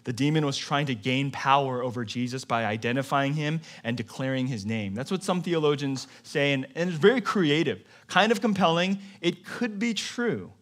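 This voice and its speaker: A male pastor giving a sermon in a conversational way, moving between quiet, low passages and emphatic, louder ones. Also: normal speed, few pauses.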